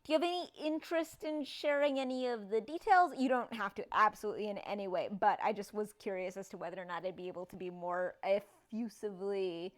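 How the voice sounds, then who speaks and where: A woman's voice: mid-range voice, brisk, hardly any pauses. A woman streamer chatting with her viewers, rambling and playful, with casual swearing. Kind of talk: live stream chat with viewers.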